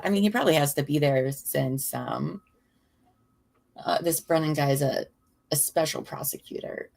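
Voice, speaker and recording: A woman's voice: sits low, moderate pace, vocal fry, darkish tone. A tired woman co-hosting a casual trial watch chat, laughing often and poking fun at herself. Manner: chatty, laughs often, self-deprecating. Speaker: co-host of a trial watch show.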